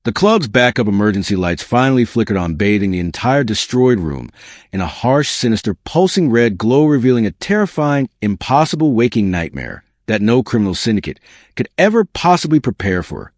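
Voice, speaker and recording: A man's voice: on the low side, big pitch swings, brisk, no room sound, studio quality. A man reading a dramatic story as scripted narration with an intense delivery.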